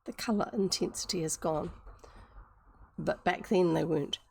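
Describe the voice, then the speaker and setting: Gravelly New Zealand woman reading aloud. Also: fairly low pitch, a little mellow. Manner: chatty asides, pauses to explain words. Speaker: streamer reading a book aloud. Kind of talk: live-streamed book reading.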